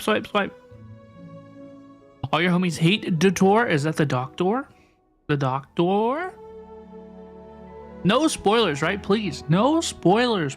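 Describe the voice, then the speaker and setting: A young man whose voice is on the high side, with a fairly bright tone, streams a video game. He keeps up playful, casual chat with his viewers, often saying the same phrases again.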